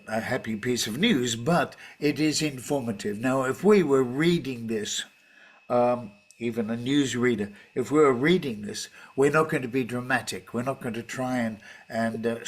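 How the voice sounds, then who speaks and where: Man giving a measured teaching talk. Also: medium pitch. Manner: measured, explanatory, with frequent fillers and restarts. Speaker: teacher trainer. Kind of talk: online workshop talk.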